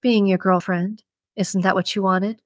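A woman's voice: mid-range voice, steady tone, measured pace, dry recording, clean studio sound, natural voice. Cooing seductive killer, read by a woman. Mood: teasing. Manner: teasing, cooing.

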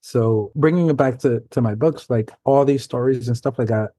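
A man from New York City, a guest author, telling stories in a halting, loose, casual way. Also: medium pitch, warm tone, slightly rough, dry recording. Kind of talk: casual conversation.

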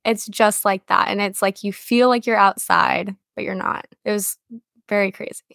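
Young female podcast co-host, chatty and rambling, slight vocal fry. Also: medium pitch, steady tone, normal speed, fairly bright tone, dry recording, clean studio sound. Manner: chatty storytelling, many fillers. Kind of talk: casual chat.

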